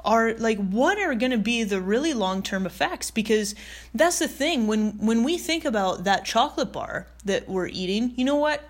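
A woman's voice: fairly high pitch, lively intonation, moderate pace. A woman giving a casual, emphatic motivational talk, speaking straight to the listener, piling up rhetorical questions and repeating her key phrases. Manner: emphatic, repetitive, direct address with rhetorical questions; casual with fillers and mild swearing.

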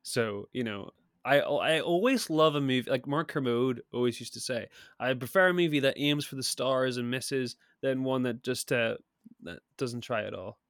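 A man's voice: medium pitch, normal speed, a bit bright, clear, resonant tone, dry recording, clean studio sound. A man co-hosting a podcast, chatting casually about a film with frequent laughs and restarts, a bit sick. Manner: rambling, laughs often, many restarts. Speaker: podcast co-host. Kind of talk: casual film review chat.

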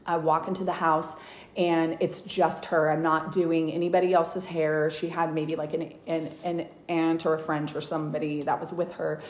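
A woman's voice: deep voice, level tone, normal speed. Earnest woman telling her story, roomy sound. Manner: earnest, many fillers and restarts, gets emotional. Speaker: guest sharing testimony. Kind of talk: casual storytelling. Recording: roomy echo.

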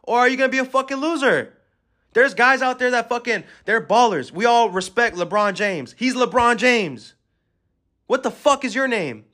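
A man's voice: very high-pitched, moderate pace, sharp tone. A man hosting a podcast, giving an aggressive, swear-filled motivational rant at the listener. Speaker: podcast host.

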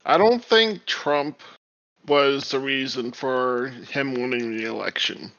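Man, bright forceful tone, hesitant, casual political chat, dull lo-fi recording. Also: mid-range voice, slow. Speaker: podcast co-host.

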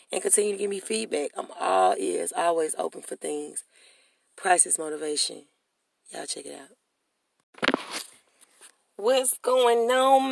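A motivational podcast host with a gravelly, creaky voice, recorded dry and close with no room sound. The host preaches in repeated, call-and-response phrases. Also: mid-range voice, dry recording. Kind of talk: motivational talk.

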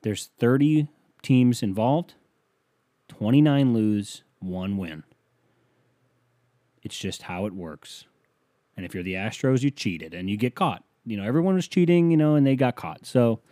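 A man's voice: lowish voice, dark tone, no echo, studio quality. A man hosting a solo podcast, rambling and swearing casually as he jumps between topics and keeps interrupting himself. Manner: rambling, profane, self-interrupting. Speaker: podcast host.

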